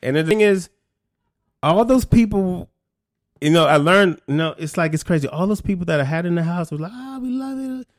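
Middle-aged man, raised pitch, dry close mic, candid storyteller who acts out quotes. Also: a little fast, dry recording. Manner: animated, acts out other people's voices in quotes. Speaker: guest telling his story.

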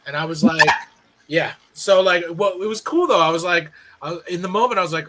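A man hosting a casual conversation, telling a quick anecdote. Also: high voice, sharp tone, slight background noise, low-quality recording. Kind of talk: casual chat.

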